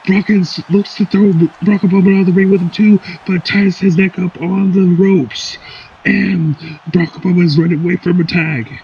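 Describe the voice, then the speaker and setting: Excitable male wrestling commentator, lo-fi. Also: normal speed, creaky. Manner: excitable, with sudden high shouted outbursts. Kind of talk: play-by-play commentary. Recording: dull lo-fi recording with faint hiss.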